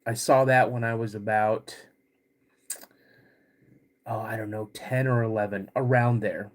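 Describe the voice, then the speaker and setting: A man in his fifties hosting a live podcast stream, greeting chat viewers by name in a halting way while getting over a cold. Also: on the low side, fairly even intonation. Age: 50s. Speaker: podcast host.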